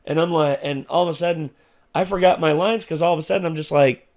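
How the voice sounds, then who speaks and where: A man's voice: fairly high pitch, steady tone, quick pace, a little mellow. A man co-hosting a reaction show, telling a story in casual chat with rambling restarts and fillers.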